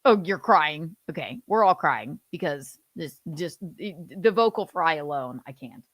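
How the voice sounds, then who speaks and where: A woman's voice: low voice, lively intonation, unhurried, no room sound. A woman hosting a casual livestream, talking sarcastically with swearing and laughing asides. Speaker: livestream host. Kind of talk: casual commentary chat.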